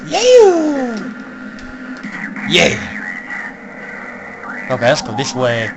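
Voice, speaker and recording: A young man giving casual, joking commentary while playing an online horror game, swearing and laughing often and shouting when startled. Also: mid-range voice, slow pace, heavy background noise. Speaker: gaming YouTuber. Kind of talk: casual let's-play commentary.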